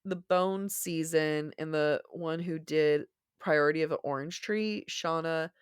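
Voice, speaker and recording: In a low, smooth voice at a slightly slow pace, this woman co-hosts a podcast of casual book chat, rambling in a self-deprecating way and restarting often. The studio-quality recording has no room sound.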